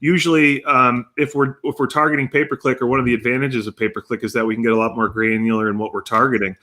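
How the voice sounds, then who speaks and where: Bright-voiced male marketing guest. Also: mid-range voice, steady tone, fast. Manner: fluent, explains with examples. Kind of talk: explanatory interview talk.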